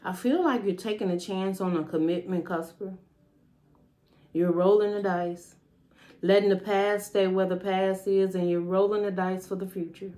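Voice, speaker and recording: A woman's voice: medium pitch, steady tone, moderate pace, mellow. Woman, casual tarot reader, mid-range voice, talks off the cuff and meanders. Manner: rambling, intuitive, thinks aloud with fillers. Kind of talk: casual spiritual reading.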